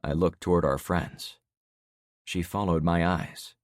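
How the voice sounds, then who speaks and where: A man narrating a first-person survival thriller audiobook in a steady, dry storytelling delivery. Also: low-pitched, unhurried, dry recording.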